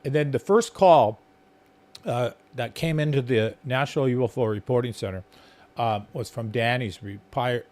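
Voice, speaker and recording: This is a man hosting a live stream from outdoors at night, talking in a loose, rambling way, with lots of ums and uhs. His voice sounds a little hoarse, and it sits at an ordinary middle pitch for a man. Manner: rambling, filler-heavy talk. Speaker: podcast host. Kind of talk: casual live-stream chat.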